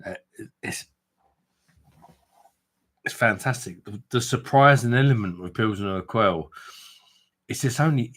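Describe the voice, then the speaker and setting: A man with a low, deep voice chats loosely and a little drunkenly to his viewers. He jokes, swears freely and rambles in an easy, friendly way as he wraps up a long live stream. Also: a bit bright. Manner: chatty, banter, swears casually. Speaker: beer review livestream host. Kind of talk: casual live stream chat.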